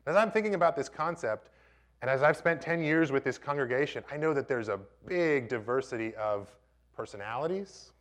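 A man's voice: medium pitch, animated, fairly quick, a bit bright. A man in his thirties preaching a conversational sermon, joking with the congregation.

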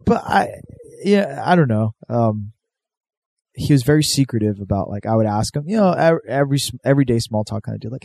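Casual male co-host, rambling storyteller, mellow voice, close dry sound. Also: medium pitch, lively intonation, brisk, gravelly, dry recording. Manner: rambling, profane, laid-back, lots of fillers.

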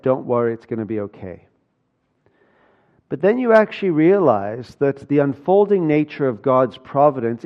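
A man's voice: medium pitch, highs cut off. A man preaching a sermon, earnest and building to urgent, emphatic passages. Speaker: pastor.

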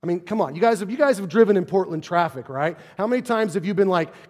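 Pastor, male, casual preaching tone full of rhetorical questions, raised and hushed by turns, echoing sanctuary. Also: sits high, expressive, quick pace. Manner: conversational preaching, rhetorical questions, swings from loud to soft. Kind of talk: sermon. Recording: long hall reverb.

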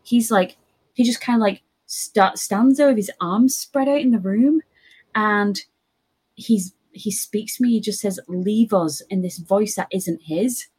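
Husky-voiced woman telling a story. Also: mid-range voice, unhurried. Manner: animated, quotes others in voices. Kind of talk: casual storytelling chat.

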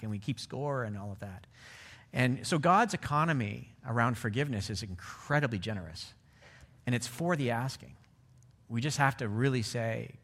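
A middle-aged man preaching a sermon in a relaxed, conversational way, often checking in with his listeners. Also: mid-range voice. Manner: conversational, asks the audience "right?". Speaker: pastor.

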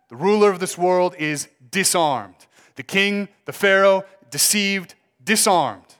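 A pastor delivers his sermon with force, climbing in pitch on the words he wants to land and then easing into slow, weighty phrases. His voice sits a little high for a man. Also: a bit bright. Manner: emphatic preaching, rising on key words, slowing for weight.

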